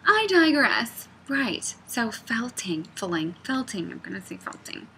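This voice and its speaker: A woman's voice: medium pitch, animated, measured pace, a bit bright, a little hiss or hum. A woman knitting designer chatting casually, rambling off on tangents and often dropping to a near-whisper. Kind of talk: casual vlog chat.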